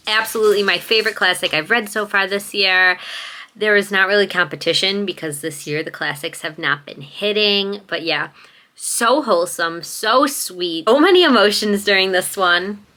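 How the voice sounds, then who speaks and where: A woman's voice: medium pitch, normal speed, bright, forceful tone. A young woman in her twenties filming a casual reading vlog at home, gushing about books and talking to her pet now and then. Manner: gushing, talks to her pet mid-sentence. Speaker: book vlogger. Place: at home indoors.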